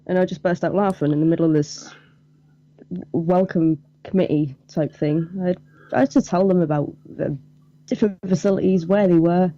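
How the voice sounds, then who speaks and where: A woman's voice: fairly low pitch, steady tone, moderate pace, warm tone, no echo, muffled recording. A young woman guest on a podcast, chatting casually about past work and laughing easily. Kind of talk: casual chat.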